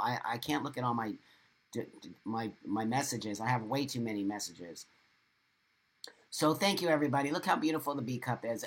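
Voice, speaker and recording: A middle-aged man hosting a live stream, reading viewer comments aloud and giving blunt, motivational advice with lots of repetition and the odd swear word. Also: mid-range voice. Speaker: livestream host.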